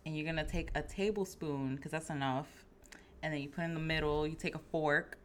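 A woman's voice: low voice, fairly even intonation, fairly quick, slight background noise. A woman in a casual chat, explaining things plainly step by step. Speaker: guest.

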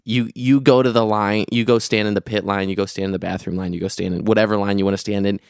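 A young podcast co-host recounts a festival trip in casual chat, his low, smooth, resonant voice rambling along with restarts and plenty of fillers. He speaks quickly in a level tone, and the close mic gives a dry sound with no room around it.

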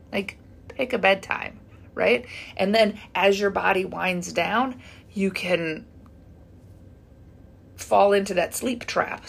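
A woman in her fifties, a fitness coach, giving casual advice straight to her listeners in a chatty way, often checking in with "right?". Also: mid-range voice. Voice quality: gravelly and husky. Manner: chatty, keeps asking "right?". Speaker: fitness coach and menopause community host. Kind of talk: casual advice talk to camera.

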